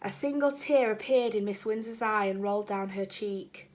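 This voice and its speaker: A woman's voice: medium pitch, steady tone, moderate pace, a little mellow. A woman, a primary school teacher, reading a children's book aloud with chatty asides to the children.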